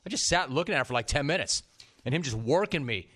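A man's voice: a little high, animated, fast, a bit bright. A man in his forties hosting a sports talk show, telling stories brashly and acting out his friends' voices. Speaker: radio sports talk host. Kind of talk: animated sports talk monologue.

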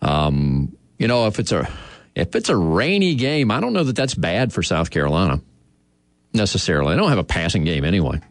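Brief: man, low and animated, easygoing sports radio host, dry studio sound. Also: brisk, dry recording. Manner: easygoing, laughs often, lively delivery. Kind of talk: casual sports radio talk.

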